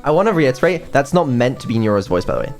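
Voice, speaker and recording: A man's voice: medium pitch, very animated, quick pace. A man streaming casually as a developer, hesitant and full of ums, with some casual swearing. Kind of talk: casual live-stream chat. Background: faint music.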